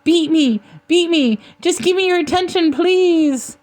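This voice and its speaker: A woman's voice: very high-pitched, unhurried, a little mellow, voice pushed up. A woman voicing a fawning, groveling male creature who whines and pleads for attention. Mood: pleading. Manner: wheedling, whiny, pleading.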